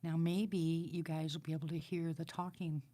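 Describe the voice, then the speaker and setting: Low mellow-voiced woman chatting to viewers. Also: moderate pace. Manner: chatty, animated storytelling, drops to a whisper at times. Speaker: vlogger. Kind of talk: casual chat to viewers. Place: indoors by a window at night. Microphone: external microphone near a window.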